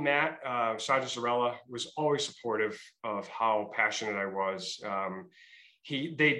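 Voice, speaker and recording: A man's voice: medium pitch, sharp tone, roomy sound, poor audio. A middle-aged man with a Massachusetts and Rhode Island accent, a state trooper telling his story in a casual interview with many fillers and restarts.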